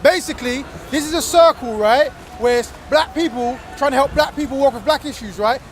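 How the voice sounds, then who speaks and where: Man, very high voice, brisk facilitator, street noise behind. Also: a faint crowd. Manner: brisk, explains and checks "right?", "innit?". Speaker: discussion facilitator. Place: street outdoors.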